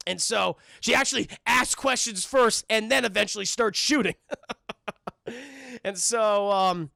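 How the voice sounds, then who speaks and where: A young man streaming a casual, profane cartoon recap to his live chat, rambling and slipping into quick voices for the characters. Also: high-pitched, gravelly, bright, forceful tone, dry recording, studio quality.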